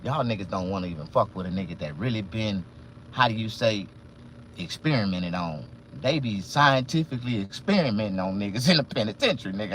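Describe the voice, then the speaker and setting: A man vlogging from a car, ranting casually and profanely, swinging between loud outbursts and low muttering. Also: big pitch swings, fast talker, slight background noise. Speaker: vlogger and barber. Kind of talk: casual live-stream rant.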